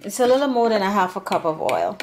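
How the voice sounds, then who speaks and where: A woman's voice: medium pitch, huge pitch swings, quick pace, background noise. A woman hosting a home cooking demonstration, chatty and meandering, often restarting her sentences. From Serbian background. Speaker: home cooking channel host. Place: home kitchen.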